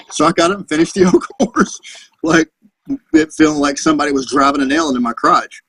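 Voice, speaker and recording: A man's voice: fairly high pitch, sing-song, fast, vocal fry, slightly rough, low-quality recording. A Marine veteran in his thirties, a podcast guest telling profane, rambling anecdotes in a casual chat. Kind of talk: casual storytelling.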